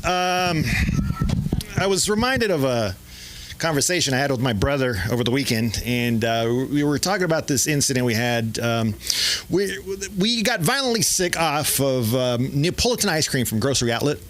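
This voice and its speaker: A man in his forties from San Jose, telling a halting, dry stand-up story and introducing the next act. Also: mid-range voice, lively intonation, a bit bright, low-quality recording. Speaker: comedian and host introducing acts. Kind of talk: open mic stand-up.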